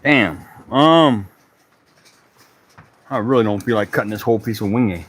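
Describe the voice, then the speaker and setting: A man from Charleston, South Carolina, with a Gullah Geechee accent hosts a woodworking livestream, chatting casually with viewers as he works in his woodshop and swearing now and then. His lowish voice moves at a moderate pace and sounds a bit bright.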